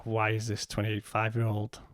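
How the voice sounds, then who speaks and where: A man, a podcast guest, telling a personal story in a halting way and retelling what was said in his own words. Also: on the low side, monotone, no room sound, studio quality.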